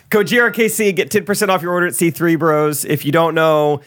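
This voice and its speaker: A man's voice: on the high side, normal speed, faint music behind. A young adult man co-hosting a podcast, chatting casually and laughing often while reading ads and telling stories. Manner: laughs often, relaxed storytelling. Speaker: podcast co-host. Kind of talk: casual chat and ad read.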